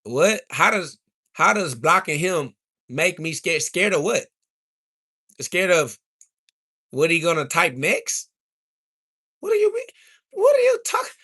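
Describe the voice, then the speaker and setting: A man, ranting loudly and profanely at his livestream chat, mocking and trash talking into a phone. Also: a little high, expressive, measured pace, slightly rough. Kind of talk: angry livestream rant.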